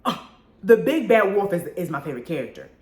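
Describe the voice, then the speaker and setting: A woman's voice: lowish voice, big pitch swings, a little fast, a little mellow. A woman hosting a solo movie review show, talking casually and expressively with slang, restarts. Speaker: podcast host reviewing movies. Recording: roomy echo.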